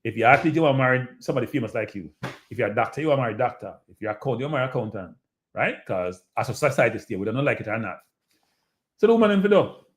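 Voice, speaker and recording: A man's voice: medium pitch, very fast. Jamaican man talking straight to his audience. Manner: animated, repetitive, addresses audience as people. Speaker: show host. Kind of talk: casual live-stream commentary.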